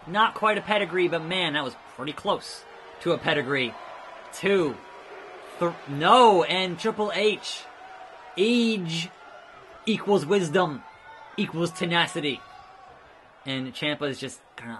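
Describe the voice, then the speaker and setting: Excitable high-voiced male game commentator. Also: moderate pace, long pauses, a little hiss or hum. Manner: excitable, jokey play-by-play with sudden shouts. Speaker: host. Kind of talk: let's play wrestling commentary.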